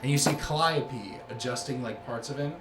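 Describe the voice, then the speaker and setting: A man narrating as game master, describing scenes in halting detail. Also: mid-range voice. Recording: roomy sound with music bed.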